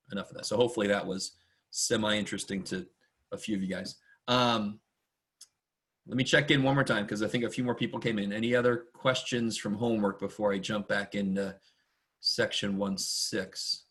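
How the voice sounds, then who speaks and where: A man with a fairly low voice gives a casual online math lecture. He rambles and chats with his students, often talks quickly, and pokes fun at himself. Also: fairly even intonation, fairly bright tone. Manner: chatty, rambling and self-deprecating; talks fast much of the time. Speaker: math instructor.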